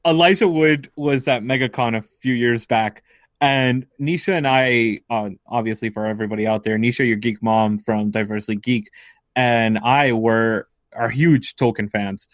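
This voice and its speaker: A man's voice: medium pitch, fairly even intonation, normal speed, dry recording. Guy on a podcast rambling thru a story, laughs a lot, dead dry mic. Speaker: podcast co-host. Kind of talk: casual chat.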